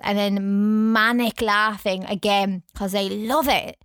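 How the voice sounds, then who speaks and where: A woman's voice: mid-range voice, little pitch movement, unhurried, hardly any pauses, a bit bright, no echo. Giggly chatty woman, dry sound. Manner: chatty, giggly, acts out lines. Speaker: podcast co-host. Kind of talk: casual movie review chat.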